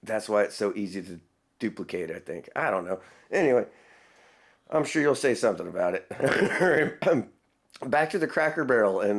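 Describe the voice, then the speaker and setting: A man's voice: on the low side, big pitch swings, moderate pace. A man hosting a casual reaction video, laughing often and rambling between remarks. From Texas.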